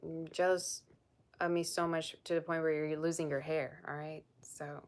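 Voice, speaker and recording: A woman's voice: low-pitched, little pitch movement, moderate pace. A woman tarot reader chatting on a live stream, blunt and sassy as she reads and answers viewer comments. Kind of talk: casual live-stream chat.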